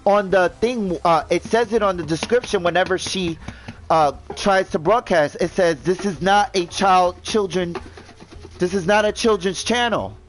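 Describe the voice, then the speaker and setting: A man's voice: high-pitched, a little slow, a little hiss or hum, poor audio. A man ranting indignantly in casual commentary, swearing and repeating himself as he stumbles over words. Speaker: gaming vlogger.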